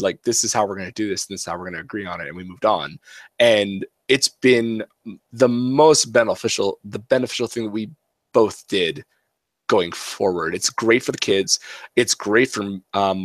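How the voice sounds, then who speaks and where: Low-voiced guy on a podcast, earnest, keeps repeating himself, dry close sound. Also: dry recording. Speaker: podcast co-host. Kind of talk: casual chat.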